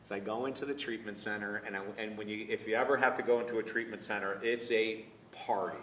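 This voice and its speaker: A man, a minister, tells a personal story to a live group, animated and laughing often as he acts out dialogue. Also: on the low side, fast talker, echoey room, far from the mic, noisy background. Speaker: minister and course teacher. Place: room filmed live.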